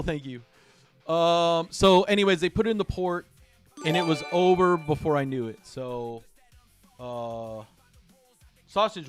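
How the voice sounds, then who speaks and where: A middle-aged man hosting a game livestream, talking casually, halting and repeating himself as he speaks from the heart. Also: fairly high pitch. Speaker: livestream gamer host.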